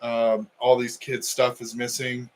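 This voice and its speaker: A man's voice: mid-range voice, monotone, measured pace, a little mellow, poor audio. A middle-aged man, a wrestling coach co-hosting a podcast, telling a story in casual chat and acting out the quotes.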